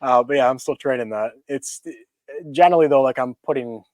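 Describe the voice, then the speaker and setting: A man from Canada speaks at a middle pitch, calmly explaining how he trains. His tone is relaxed and self-deprecating, and the sound is dry and close. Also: a little fast, dry recording. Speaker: firearms trainer guest. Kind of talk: casual podcast interview.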